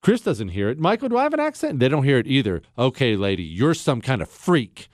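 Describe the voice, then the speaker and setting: Lively sarcastic radio host from Pittsburgh. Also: male voice, medium pitch, a little fast, no echo, studio quality. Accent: Pittsburgh area. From Ohio, near Pittsburgh. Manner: sarcastic, joking, animated. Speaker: radio talk show host. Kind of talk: casual radio talk show banter.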